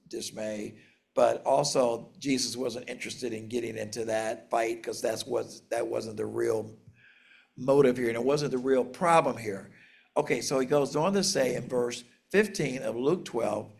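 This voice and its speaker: A man preaching a sermon, reading scripture aloud and explaining it in an earnest, measured way, slowing down for emphasis. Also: medium pitch, vocal fry. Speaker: pastor.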